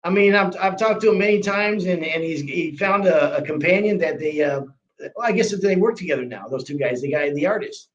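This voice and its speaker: A man's voice: on the high side, fairly quick, lo-fi sound. A man, a flooring trainer, chatting casually and rambling a bit with restarts. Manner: rambling, many restarts and fillers. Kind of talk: casual chat.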